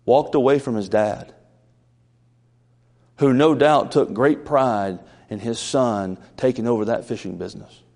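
A man preaching a conversational sermon in a folksy way, building up to loud, emphatic peaks. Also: medium pitch, a little slow, vocal fry, big-room sound.

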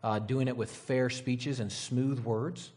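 A man's voice: medium pitch, fairly even intonation, takes it slowly, darkish tone. Casual rambling male preacher. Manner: casual, rambling, frequent "right?" and "you know". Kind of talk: conversational sermon.

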